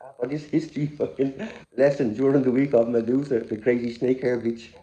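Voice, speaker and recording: Middle-aged Irish vlogger, dark mellow tone, animated casual storyteller. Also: male voice, mid-range voice, fairly quick, reverberant, dull audio. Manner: animated storyteller who laughs often.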